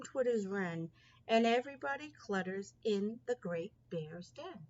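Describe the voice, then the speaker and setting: Lady reading a kids picture book, slow and singsongy, pitch going all over, dull muffled sound. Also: lively intonation, darkish tone. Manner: slow, sing-song storytelling. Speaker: storybook reader. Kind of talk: picture book read-aloud.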